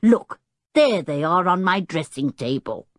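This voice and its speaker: Woman playing a weary professor, low-pitched and dry, mild and reasoning. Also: animated, unhurried, dry recording. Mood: calm reasoning. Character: doubtful, patient older male professor.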